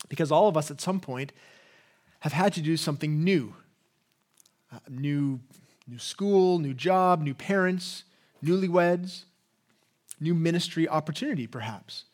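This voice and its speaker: Higher-voiced English man preaching conversationally. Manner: conversational, with rhetorical questions and frequent "right?". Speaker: pastor. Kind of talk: sermon.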